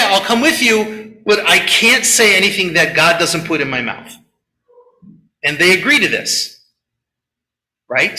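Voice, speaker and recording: Male rabbi giving a sermon, bright and tense tone, roomy echo. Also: sits high. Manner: animated storyteller, acts out quotes, chatty asides. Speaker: rabbi leading a Shabbat service. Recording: echoey room.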